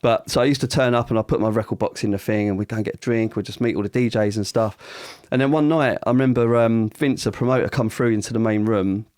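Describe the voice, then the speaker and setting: A man, a podcast guest telling lively anecdotes and acting out the people he quotes. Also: fairly low pitch, fast, hardly any pauses, no room sound, studio quality. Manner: animated, acts out quoted voices, casual swearing. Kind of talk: casual anecdotal storytelling.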